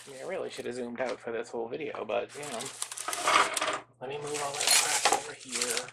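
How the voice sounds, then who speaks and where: A man's voice: medium pitch, fairly even intonation, brisk, gravelly. A man chatting casually while making a craft at a table, joking and rambling with self-mocking asides. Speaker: DIY craft vlogger. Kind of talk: casual crafting vlog chat. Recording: audible background noise.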